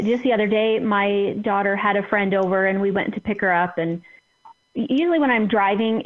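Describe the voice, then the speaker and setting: A middle-aged woman telling stories in a casual interview, chatty with many fillers. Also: medium pitch. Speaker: guest, entrepreneur. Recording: phone-line call-in audio.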